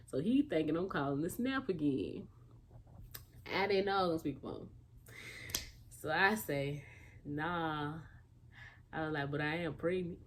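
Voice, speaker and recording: Young woman w/ aave telling her storytime, lowish voice, jumps around doing everyones lines. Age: young adult. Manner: animated storytelling, acting out quotes. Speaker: vlogger. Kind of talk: casual storytime.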